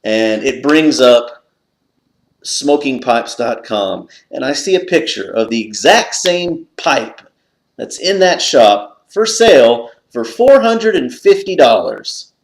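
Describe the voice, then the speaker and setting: Animated man telling a story, echoey room. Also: slow pace. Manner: excitable, jumps up high when retelling his own panic. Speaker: pipe collector vlogger.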